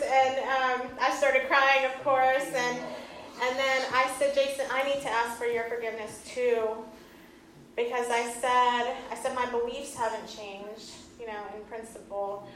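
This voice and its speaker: A woman's voice: fairly high pitch, fairly even intonation, unhurried, fairly bright tone, far from the mic. Earnest woman telling a story in an echoey hall. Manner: earnest, laughs often. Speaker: speaker giving a talk. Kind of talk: personal storytelling talk.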